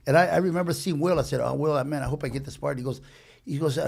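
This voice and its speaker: Gravelly, husky man telling stories. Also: fairly high pitch, fast, a little mellow. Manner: rambling anecdotes with frequent restarts and Spanish slang. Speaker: guest storyteller. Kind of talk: casual podcast storytelling.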